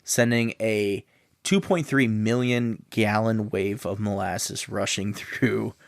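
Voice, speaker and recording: A man's voice: lowish voice, fairly even intonation, slow pace, creaky, no echo, clean studio sound. A man from the American Midwest co-hosting a comedic history podcast, loose and casual, swearing and laughing often. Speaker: podcast co-host.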